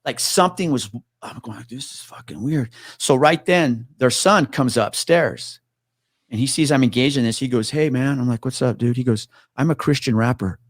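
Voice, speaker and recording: A man's voice: mid-range voice, normal speed, no echo, clean studio sound. A man telling a story in casual chat, swearing freely and acting out the people in it. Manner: swears freely, acts out quoted voices.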